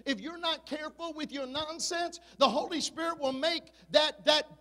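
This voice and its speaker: A man in his fifties with a very high voice preaches with passion. He swings between shouted peaks and low, confiding asides to his congregation. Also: normal speed, long reverb tail. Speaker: pastor. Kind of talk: sermon.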